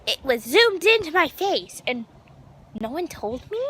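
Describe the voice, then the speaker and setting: A young woman with a high-pitched, unhurried voice chatters casually to her handheld phone outdoors in a backyard. She's giggly and excitable, gasping now and then and occasionally whispering, while animal sounds and outdoor noise fill the background.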